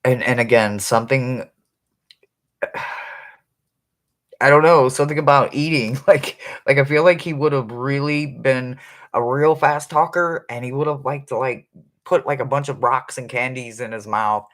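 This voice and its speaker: A psychic reader giving a casual, rambling live reading for viewers, chatty and quick to laugh, with informal slang. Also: mid-range voice, a bit bright.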